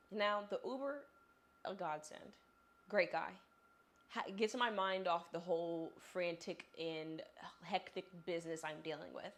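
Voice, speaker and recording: A young woman in her twenties, a vlogger telling a chatty, animated story about her travel day straight to the viewer while on the move. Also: fairly low pitch. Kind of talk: casual storytelling vlog. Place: on the move, traveling through an airport.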